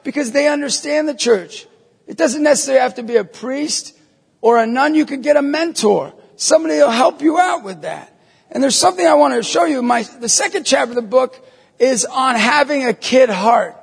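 Speaking to a live audience, a middle-aged lay minister from New York State gives a jokey, animated talk and acts out voices along the way. His voice is very high, with vocal fry and a breathy edge, at normal speed. A long hall reverb hangs over the recording.

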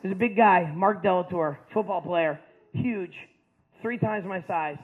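High-voiced man telling a comic story. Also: a little slow. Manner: animated, acts out characters. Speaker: stand-up comedian. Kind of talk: stand-up storytelling. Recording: tinny phone-like sound.

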